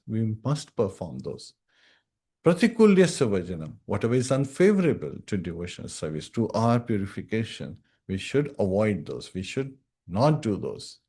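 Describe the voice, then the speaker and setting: A man teaches a devotional scripture class in an earnest, instructive way. His voice sits at an ordinary middle pitch. He recites Sanskrit verses and keeps checking in with his listeners. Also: warm tone, husky. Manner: recites Sanskrit verses, often adds "right?".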